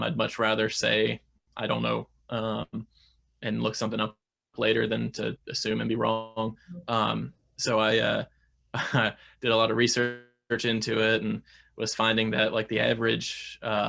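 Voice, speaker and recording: Brief: young adult man, gravelly, chatty guest with lots of restarts. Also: lowish voice, pushed and bright. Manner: chatty, many fillers and restarts. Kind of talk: casual interview talk.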